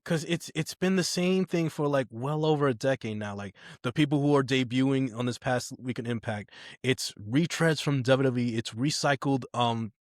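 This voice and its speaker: A man's voice: mid-range voice, normal speed, no room sound, studio quality. A man co-hosting a podcast, talking in casual chat in an emphatic, opinionated way. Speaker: podcast co-host.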